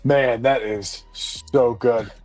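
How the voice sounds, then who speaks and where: A man guest-hosting a casual live bourbon stream, enthusiastic, quick to laugh and swearing freely. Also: medium pitch, steady tone, music in the background. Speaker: guest co-host, bourbon reviewer. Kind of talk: casual livestream chat.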